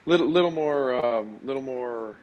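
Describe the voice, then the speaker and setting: A man taking part as a guest on a podcast over a remote call, answering in relaxed, hesitant talk. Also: mid-range voice, moderate pace, lo-fi sound, a little hiss or hum. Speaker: brewery guest. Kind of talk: casual interview answers.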